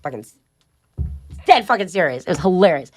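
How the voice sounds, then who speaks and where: Fast-talking blunt woman telling a wild story. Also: lowish voice, very animated. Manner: blunt, profane, laughs through a wild story. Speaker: guest. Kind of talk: candid storytelling interview.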